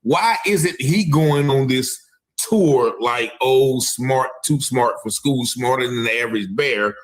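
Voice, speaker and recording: A man's voice: mid-range voice, takes it slowly. Emphatic male true-crime commentator. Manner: emphatic, repeats "allegedly", stops to replay clips. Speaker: commentary channel host.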